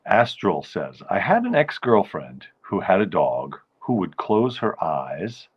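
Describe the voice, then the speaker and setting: A man's voice: low-pitched, huge pitch swings, slow pace, husky, dull audio. A man hosting his own live show, chatting casually and rambling as he greets viewers by name. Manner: rambling, chatty, self-interrupting. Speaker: host of a nightly live show.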